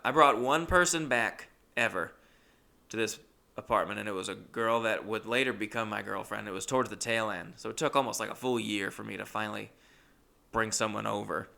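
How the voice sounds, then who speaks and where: A man's voice: lowish voice, fairly even intonation, moderate pace, gravelly, bright, forceful tone. A young man telling comic stories in a rambling, self-interrupting way, swearing casually as he goes. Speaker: comedian.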